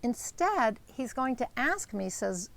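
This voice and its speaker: A woman's voice: fairly high pitch, sing-song, slow, vocal fry, a bit bright. A woman life coach giving an earnest, encouraging motivational talk with frequent fillers.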